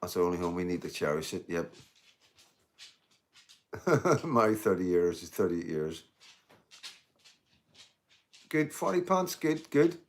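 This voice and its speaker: A Northern Irish man in his fifties talks on a casual live stream in a slightly low voice. He rambles earnestly and swears without a second thought. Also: sing-song, slow, long pauses.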